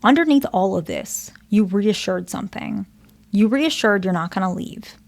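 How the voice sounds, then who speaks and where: A woman therapist explains relationship patterns to the camera in an earnest, patient way. Her voice carries a steady vocal fry at a middle pitch, and she keeps checking in with her listener. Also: moderate pace. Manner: earnest, checks in often with "okay?" and "right?"; explains patiently with example dialogues. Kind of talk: advice monologue to camera.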